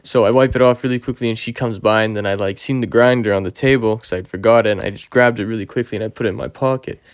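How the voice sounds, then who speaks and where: A man's voice: on the low side, fairly even intonation, fast, clear, resonant tone, dry recording, clean studio sound. Rambling, profane young man telling a story. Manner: rambling, profane, lots of fillers like "you know" and "right?". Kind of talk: casual storytime monologue.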